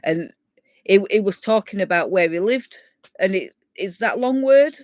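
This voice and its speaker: A woman's voice: mid-range voice, animated, moderate pace, darkish tone, dry recording. Chatty Yorkshire woman rambling on a live stream. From England. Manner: rambling and chatty, laughing as she reads out comments. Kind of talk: casual live-stream chat with viewers.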